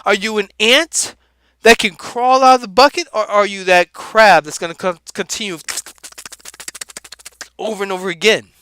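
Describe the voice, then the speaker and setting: A man putting on a laid-back, high-voiced, street-talking comedic character, delivering an animated, preachy motivational rant that rattles off repeated words. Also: normal speed, long pauses, faint music behind.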